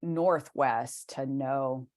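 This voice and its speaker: A woman's voice: very deep voice, steady tone, very slow, a little mellow. A woman with a Southern accent blending West Virginia and Charleston, co-hosting a podcast and chatting casually, often restarting her sentences. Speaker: podcast co-host. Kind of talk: casual chat.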